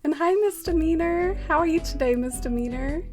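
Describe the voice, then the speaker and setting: A woman's voice: high-pitched, a little fast, a little mellow. A young woman streaming casually, giggling and cooing at her cat, with music playing behind her. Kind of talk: casual livestream chat.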